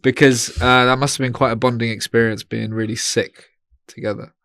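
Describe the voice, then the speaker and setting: A man's voice: medium pitch, flat delivery, fairly quick, fairly bright tone, clear, resonant tone, dry recording. Teasing man with dry interjections. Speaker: podcast co-host. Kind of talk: casual comedy podcast chat.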